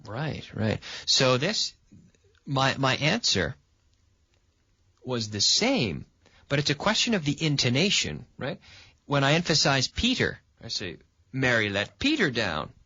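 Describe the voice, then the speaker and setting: A man hosting a radio English lesson, patiently quizzing a student and stressing words with lively intonation. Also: mid-range voice, unhurried, long pauses, breathy edge, no room sound. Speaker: English teacher and radio host. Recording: dull, lo-fi sound.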